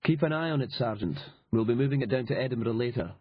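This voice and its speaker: A man's voice: mid-range voice, lively intonation, quick pace, breathy edge, lo-fi sound. A man doing a condescending city official. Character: patronising official investigator, man.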